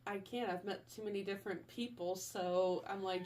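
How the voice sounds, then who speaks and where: A woman joins the chat from off camera, her voice set back from the microphone. She talks in a measured, low-key way at a middle pitch, working out her thoughts as she goes. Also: fairly even intonation, a little mellow. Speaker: author's daughter chiming in. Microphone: off-camera, away from the mic.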